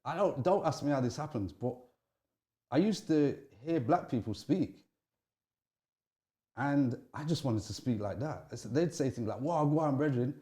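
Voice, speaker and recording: A middle-aged man, an interview guest, telling candid stories from his youth with animated swings in pitch and frequent restarts. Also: unhurried, long pauses.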